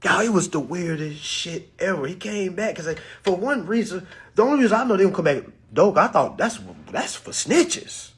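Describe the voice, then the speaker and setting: Lively high-voiced man telling a story. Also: a little fast. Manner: animated, profane, addresses viewers as y'all. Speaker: vlogger. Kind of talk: casual storytelling to camera.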